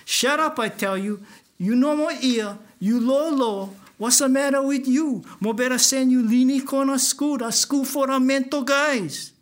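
Man playing a young boy, Hawaiian Pidgin, strained and scolding, raised pitch, loud. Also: measured pace. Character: frustrated young boy yelling at his friend.

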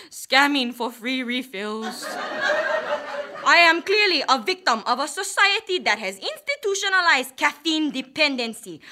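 A woman's voice: high voice, sharp tone, a little hiss or hum. A young woman with a Hawaiian Pidgin accent doing a mock-dramatic stand-up comedy monologue, switching between pidgin and prim standard speech.

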